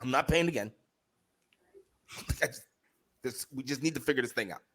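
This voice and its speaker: A man co-hosting a podcast, telling a story in casual chat, profane and heated, animated as he goes. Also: mid-range voice, moderate pace. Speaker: podcast co-host.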